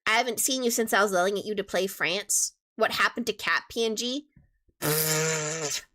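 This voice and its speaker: A woman's voice: medium pitch, fairly quick, pushed and bright. A young woman streamer chatting casually with her viewers, playful and teasing as she answers questions.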